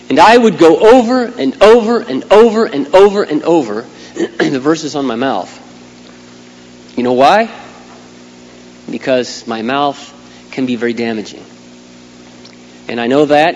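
A middle-aged man preaching a sermon as a pastor, swinging from quiet asides to loud, emphatic outbursts. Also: fairly high pitch. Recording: long hall reverb, faint hum.

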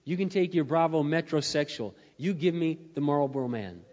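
A man with a fairly high voice preaches a storytelling sermon, swelling to loud, emphatic peaks. The recording is dull, and his voice rings with the long reverb of a large church sanctuary. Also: expressive, moderate pace.

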